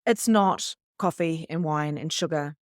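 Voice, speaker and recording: A middle-aged woman, a spiritual coach, teaching a live online workshop in a chatty, animated way that acts out her own panic. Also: sits low, unhurried, no room sound, clean studio sound.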